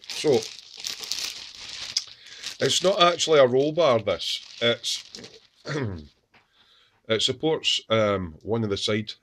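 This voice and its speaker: A man with a deep, low voice talks through his model build at the workbench. He hesitates with frequent ums and restarts as he shows parts to the camera, sometimes drifting away from the mic. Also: a bit bright. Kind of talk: casual workshop show-and-tell.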